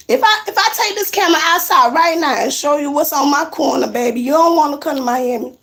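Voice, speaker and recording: Woman streamer, high voice, chatty and teasing, talks straight to her viewers from home on a phone. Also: a bit bright. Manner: chatty, teasing, answers comments aloud. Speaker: live streamer. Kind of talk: casual live-stream chat with viewers. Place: her apartment, indoors.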